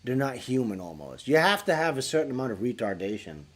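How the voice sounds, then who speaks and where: A man's voice: medium pitch, sing-song, fast, a crowd in the background. A man on a livestream telling crude, rambling stories full of swearing and laughter as he answers viewer questions. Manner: acts out callers in louder voices. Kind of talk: casual livestream chat.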